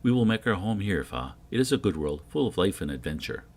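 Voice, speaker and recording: A man's voice: sits low, very animated, brisk, a little mellow, exaggerated voice. A man reading the lines of a proud, strong jungle hero in short, commanding sentences. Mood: calm.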